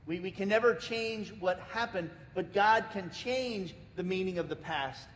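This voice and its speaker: An American man preaching a sermon as pastor, telling a story with lots of repeated words and restarts. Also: measured pace. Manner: lively storytelling, acting out the people in it. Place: church sanctuary. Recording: reverberant church hall, faint rumble.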